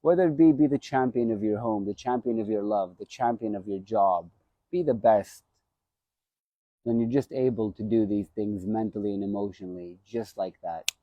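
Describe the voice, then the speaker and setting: A man's voice: fairly low pitch, normal speed, no room sound, dull audio. A former boxer talking casually on a live stream, rambling and repeating his phrases as he reminisces.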